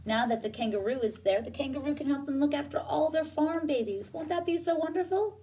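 A woman librarian reads a children's picture book aloud in a gentle, sing-song way. Her high voice bobs expressively and sounds a little distant from the mic. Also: a little fast, slight background noise. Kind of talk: children's story time reading.

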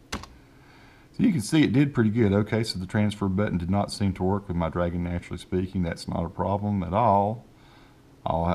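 Southern guy with a real low voice, laid-back tutorial talk at his desk, close handheld mic. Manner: folksy and rambling, dictates slowly and deliberately. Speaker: tech video host. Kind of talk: casual screen-recorded tutorial. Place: home desk. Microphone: handheld microphone held close.

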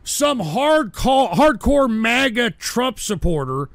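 A man hosting a livestream radio show, ranting profanely about his chat and breaking into abrasive shouting bursts. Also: very high voice, sing-song, slow, creaky, no room sound. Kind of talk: profane on-air rant reading chat.

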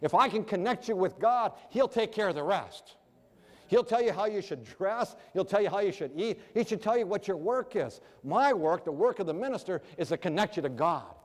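Earnest male preacher with a high voice, heard with long hall reverb. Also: expressive, normal speed. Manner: earnest, rhetorical questions to the audience. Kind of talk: sermon.

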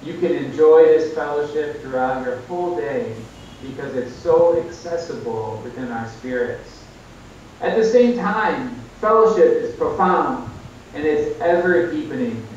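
Preaching over a video call, an earnest man exhorts his listeners in a mid-range voice that is animated and a little mellow, moving at a measured pace and rising now and then for emphasis. He sounds distant from the mic in a very echoey room, with dull, muffled audio and a faint rumble underneath.

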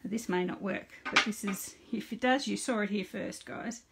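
A woman's voice: mid-range voice, moderate pace, gravelly, heavy background noise. A middle-aged woman hosting a casual live card-making demonstration. She chats with viewers by name and narrates each step aloud.

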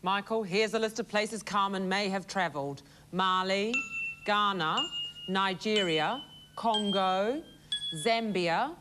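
A woman announcing prizes in a measured, commanding way as the chief of a game show. The recording is an old tape with clear hiss and noise. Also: medium pitch.

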